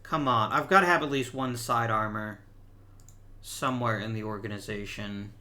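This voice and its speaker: A man's voice: lowish voice, normal speed, sharp tone, roomy sound. A man hosting a gameplay video, explaining things casually and correcting himself as he thinks aloud. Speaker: gaming video host.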